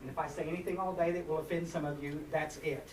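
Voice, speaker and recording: A man's voice: on the high side, fairly even intonation, fast talker, darkish tone. Man, folksy and rambling, roomy hall, distant mic, background noise. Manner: folksy, rambling, self-mocking, with lots of fillers. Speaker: speaker at a recovery workshop. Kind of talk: personal share to a live group. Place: meeting hall. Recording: echoey room, far from mic, noisy.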